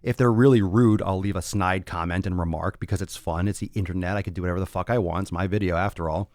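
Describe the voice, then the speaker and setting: A man's voice: sits low, fairly even intonation, fast talker, a little mellow, no echo. A man hosting a fitness podcast, ranting bluntly with lots of swearing and tough-love talk. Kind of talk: casual podcast rant.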